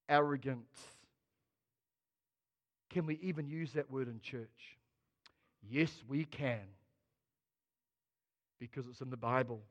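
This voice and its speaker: A man preaching a sermon, expressive and dramatic, swinging between quiet asides and loud emphasis. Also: a little high, unhurried, long pauses, long reverb tail. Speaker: pastor.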